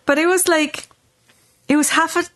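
A woman podcast host telling a story in casual chat, animated, often checking in with "right?". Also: high voice, normal speed.

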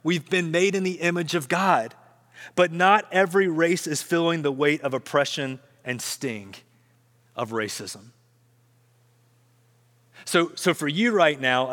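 A man's voice: high-pitched, bright, forceful tone, long reverb tail. A man preaching a sermon as pastor, earnest, often repeating words as he builds up.

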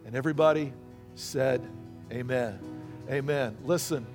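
A man preaching from the pulpit, his voice sitting a little high for a man. He tells stories and plays out the people in them as he preaches. Soft music runs quietly behind him. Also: animated, moderate pace. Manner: storytelling preacher acting out quoted voices. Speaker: pastor. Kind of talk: sermon.

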